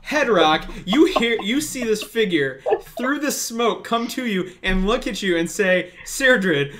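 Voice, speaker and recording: A man narrating as dungeon master of a tabletop game, with many pauses and restarts. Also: high voice, lively intonation, background noise.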